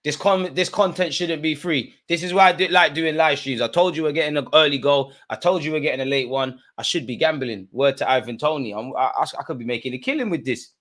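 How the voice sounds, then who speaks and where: A man doing live football watch-along commentary. He talks in slangy banter and gets excitable, shouting at the referee. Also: on the high side, quick pace, hardly any pauses. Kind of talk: live match reaction commentary.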